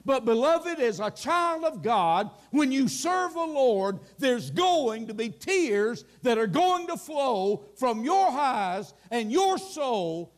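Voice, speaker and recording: A man's voice: very high voice, sing-song, slow pace, few pauses. A man, preaching a folksy sermon and quoting scripture. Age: late 60s. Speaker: pastor.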